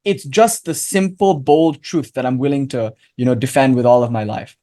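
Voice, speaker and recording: A man, a philosopher guest in an interview, telling a parable in an earnest, animated way and speaking with firm conviction. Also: mid-range voice, normal speed. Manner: convinced, emphatic. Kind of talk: storytelling interview talk.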